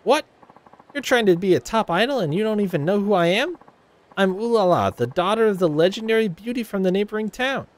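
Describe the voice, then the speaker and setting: A man's voice: high-pitched, animated, fairly quick, voice pushed up. A man voicing a snooty, boastful young female idol rival while reading video game dialogue aloud. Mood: haughty. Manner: haughty, boastful, whiny.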